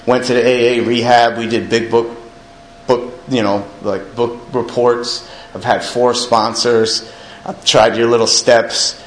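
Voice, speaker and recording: A man's voice: lowish voice, a little hiss or hum. A man speaking candidly to a recovery meeting, telling his own story in a conversational, self-mocking way and often asking the room "right?". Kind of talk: personal recovery story told to a group. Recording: echoey room with faint ambience.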